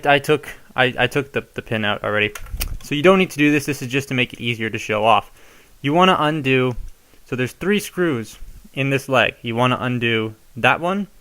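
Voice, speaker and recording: A man's voice: medium pitch, pushed and bright. A young man casually showing how to modify a toy, chatty and given to rambling asides. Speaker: toy reviewer. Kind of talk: casual hands-on tutorial.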